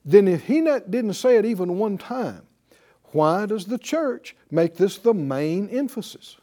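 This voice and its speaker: A man's voice: high voice, big pitch swings, measured pace, mellow. A man preaching a sermon, reading scripture aloud and pressing his point with emphatic rhetorical questions. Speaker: pastor.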